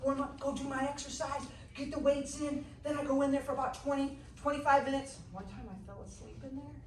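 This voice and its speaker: A woman teaching a health class who tells her stories in an animated way and often laughs. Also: high-pitched, a little fast. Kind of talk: casual storytelling class. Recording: echoey room, mic far off, noisy.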